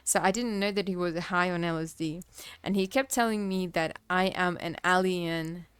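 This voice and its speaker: A woman's voice: lowish voice, fairly even intonation, moderate pace, a bit bright, clean tone, no echo. A young woman from Kazakhstan, telling personal stories on a livestream in a rambling way full of "like" and "you know". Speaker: streamer. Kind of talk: casual storytelling on a livestream.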